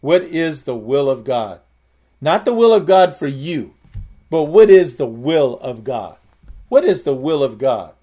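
A man's voice: fairly high pitch, sing-song, a little slow, mellow. A man preaching a sermon, explaining Greek words and repeating key phrases with emphatic rises. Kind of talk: sermon with word study.

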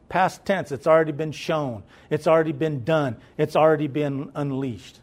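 A man's voice: a little high, a little fast, hardly any pauses, a little mellow. A middle-aged man preaching a sermon in an emphatic, repetitive, conversational way.

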